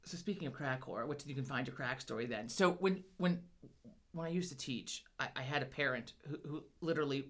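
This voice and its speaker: A woman telling a rambling, profane story in casual chat as a podcast co-host, pausing now and then to cough or clear her throat. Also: a bass voice.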